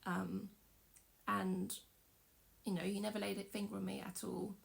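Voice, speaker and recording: A young female vlogger shares a painful personal story in a storytelling vlog, her mid-range voice gravelly and full of fry. Her delivery is emotional and halting, with frequent stops and restarts, though her tone stays level.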